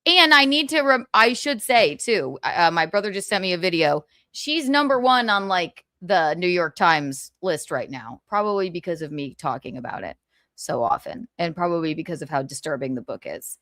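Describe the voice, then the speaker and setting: A woman's voice: lowish voice, expressive, normal speed, pushed and bright, dry recording, clean studio sound. A woman hosting a casual pop-culture gossip livestream, chatty and giggly, saying she is exhausted. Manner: chatty, giggly, tired asides. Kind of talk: casual chat.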